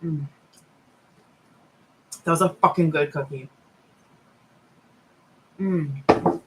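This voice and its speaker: A woman's voice: sits low, extremely slow, noisy background. A woman live streamer, stoned, chatting casually to her viewers while eating and talking with her mouth full.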